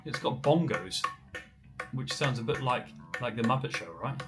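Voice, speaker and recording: A man's voice: medium pitch, animated, normal speed, music in the background. Chatty New man livestreaming. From New Zealand. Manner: chatty, answers viewer comments, many ums. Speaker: musician livestreamer. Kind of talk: casual livestream chat.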